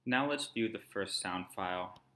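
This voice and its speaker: A man with a low, bright voice talks through a screen-recorded tutorial. He explains calmly, one step at a time, as a language instructor would. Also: moderate pace.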